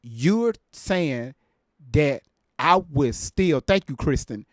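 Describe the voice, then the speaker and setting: A man hosting a live stream from home, casually reacting to a clip, incredulous and quick to laugh. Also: fairly high pitch, expressive, no room sound, studio quality. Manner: laid-back, incredulous, laughs easily.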